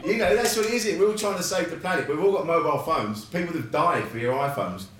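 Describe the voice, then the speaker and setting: A man's voice: on the high side, expressive, quick pace, a crowd in the background. A middle-aged man hosting a live podcast interview on stage, chatty and self-mocking, laughing often. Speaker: podcast host. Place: live comedy venue with audience. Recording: echoey venue, mic heard from a distance.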